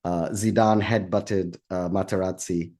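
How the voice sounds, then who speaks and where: A man co-hosting a podcast, telling a story in casual chat, animated and swearing. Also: deep voice, a little slow. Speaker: podcast co-host.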